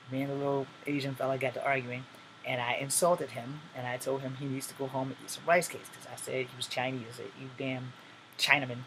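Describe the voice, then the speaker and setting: A man's voice: mid-range voice, a little hiss or hum, poor audio. Forties male vlogger, blunt and profane, rambling rant, air conditioner humming behind. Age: 40s. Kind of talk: ranting monologue to camera.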